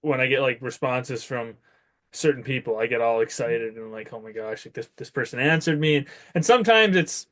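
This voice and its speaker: A man's voice: medium pitch, a little fast, fairly bright tone. A man hosting a podcast, chatting casually and eagerly with his guest and laughing along. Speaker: podcast host. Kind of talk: casual interview chat.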